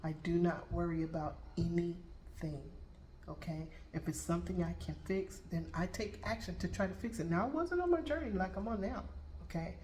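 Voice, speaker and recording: Her pace is moderate and her lowish voice a little mellow, with some slight background noise. She's a middle-aged woman, a Reiki master and tarot reader, recounting spiritual stories for viewers and tagging "okay?" onto almost every point, recorded in a spacious room with faint ambience.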